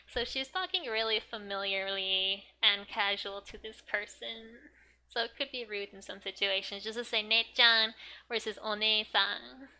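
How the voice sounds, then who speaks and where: A young woman teaching Japanese from a manga in a chatty, giggly way, full of "like", sometimes muttering softly as she looks up words. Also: fairly high pitch. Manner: chatty, giggly, filler-heavy with frequent "like". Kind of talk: casual manga study lesson.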